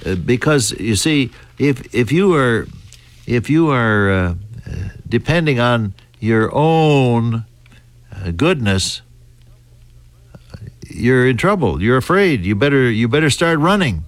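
Deliberate American preacher, dry sound. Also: male voice, medium pitch, big pitch swings, dry recording. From United States. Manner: deliberate, halting, with fillers and restarts. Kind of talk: radio Bible teaching.

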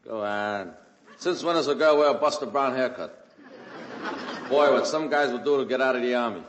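A man's voice: mid-range voice, moderate pace, reverberant, slight background noise, low-quality recording. A man from Brooklyn with a Brooklyn accent, telling a wisecracking stand-up monologue on stage. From Brooklyn, New York. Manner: wisecracking storyteller who shouts fans' lines. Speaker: stand-up comedian. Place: stage before a live audience.

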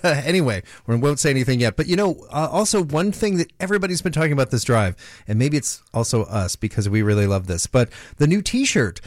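A man's voice: mid-range voice, sing-song, brisk, no echo, studio quality. A man co-hosting a live radio pledge drive, explaining a matching gift in a friendly way. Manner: friendly, explanatory, repeats phone number and web address. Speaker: radio co-host. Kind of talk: live radio fundraising appeal. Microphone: studio microphone.

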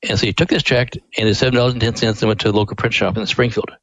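A man's voice: lowish voice, steady tone, very fast, a bit bright, no room sound, poor audio. A man being interviewed as a ministry director on a radio show, telling a family story in a folksy, earnest way.

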